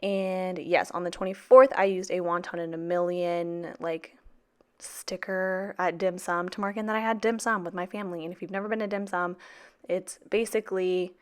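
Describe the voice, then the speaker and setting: A woman's voice: on the low side, steady tone, moderate pace. Sassy, chatty young woman vlogger. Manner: chatty, sassy, swears freely, many fillers. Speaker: teacher, planner vlogger. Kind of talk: casual planner vlog chat.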